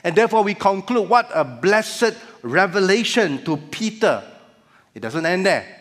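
A man preaching a sermon as pastor, measured with emphatic rises. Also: high-pitched, very animated, fairly bright tone. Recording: church hall reverb.

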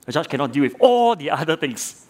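A man's voice: a little high, big pitch swings, fairly quick. Middle-aged male preacher asking rhetorical questions. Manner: illustrative storytelling with rhetorical questions; repeats words when starting phrases. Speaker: lay preacher, former judge. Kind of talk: sermon.

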